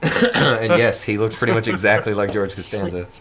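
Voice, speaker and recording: Deep-voiced male game master. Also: normal speed, noisy background. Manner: relaxed, chuckling, filler-heavy narration. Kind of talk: narrating a tabletop game.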